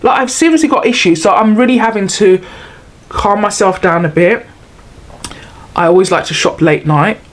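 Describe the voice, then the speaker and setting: A woman's voice: mid-range voice, normal speed, long pauses. Chatty middle-aged woman vlogging. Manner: rambling, chatty and self-mocking. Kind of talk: casual chat to camera.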